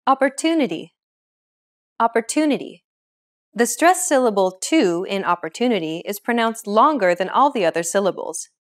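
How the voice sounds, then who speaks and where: A woman's voice: mid-range voice, animated. Woman hosting a scripted language lesson. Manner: clear, measured explaining.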